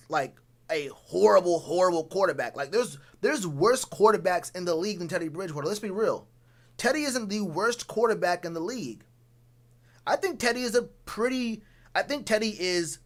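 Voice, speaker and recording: A man with a notably high-pitched voice talks straight to his live chat in a loose sports rant. He is blunt and full of slang, and he circles back on his own phrases to drive a point home. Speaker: sports commentary streamer.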